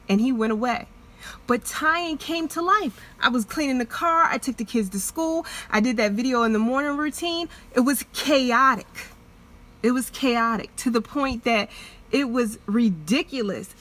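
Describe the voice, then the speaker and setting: A young adult woman talking to her vlog audience in an earnest, halting way, restarting and repeating herself as she opens up. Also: on the high side, a bit bright. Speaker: vlogger. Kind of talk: emotional personal vlog confession.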